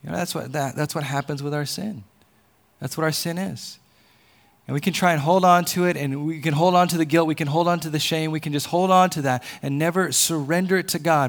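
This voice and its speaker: A man's voice: a little high, steady tone, a little fast, creaky. A man preaching a sermon in an earnest tone, often repeating phrases. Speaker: pastor.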